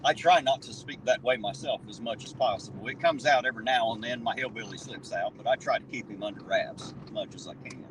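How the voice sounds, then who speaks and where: A man's voice: mid-range voice, brisk, hardly any pauses, recorded from a distance, noisy background. A man from Southern Ohio with a drawl, hosting a casual livestream chat, blunt and swearing freely. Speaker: livestream host.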